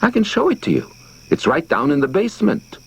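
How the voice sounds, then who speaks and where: A man's voice: fairly high pitch, huge pitch swings, a little fast, gravelly, slightly rough, voice pushed up, exaggerated voice, poor audio. A man voicing a frightened wife who pleads anxiously with her husband and the neighbors in an audiobook. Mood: pleading.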